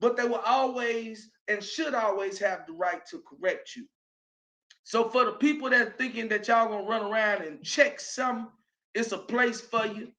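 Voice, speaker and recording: A man with a Southern US accent hosting a show, giving an emphatic motivational monologue that rises now and then to shouting. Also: high-pitched, moderate pace. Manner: preachy and emphatic, rising to shouts. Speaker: show host.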